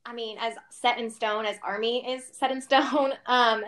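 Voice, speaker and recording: A woman co-hosting a podcast talks in a loose, chatty way, full of fillers and small restarts. Her voice sits fairly high. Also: fairly even intonation, normal speed, a bit bright. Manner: chatty, laughs between words, many fillers. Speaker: podcast co-host. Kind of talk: casual chat.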